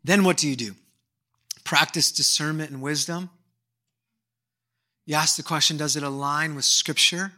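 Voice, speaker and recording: A man in his thirties preaching a sermon as a pastor, telling animated stories and moving between hushed and emphatic delivery. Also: fairly high pitch, normal speed, pauses often. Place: church service.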